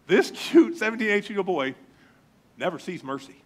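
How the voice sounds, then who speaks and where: A middle-aged pastor preaching a sermon in a church, telling funny self-mocking stories. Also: male voice, high voice, brisk. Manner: storytelling, self-mocking, animated.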